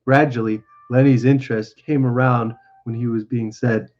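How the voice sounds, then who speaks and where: A man narrating a novel aloud on a stream in a steady, lowered voice. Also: normal speed, soft background music. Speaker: reader. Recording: dull lo-fi.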